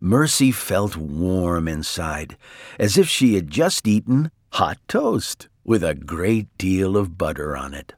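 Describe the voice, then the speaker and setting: Male storyteller reading aloud, slow and lilting, dry close sound. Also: sits low, no room sound. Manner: slow, expressive read-aloud.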